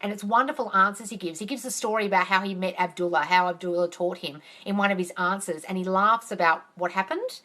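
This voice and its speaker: A woman coaching on manifesting, telling stories in a chatty, animated way on a phone livestream. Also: mid-range voice, quick pace, hardly any pauses. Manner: chatty, animated storyteller who acts out quotes. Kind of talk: casual livestream storytelling.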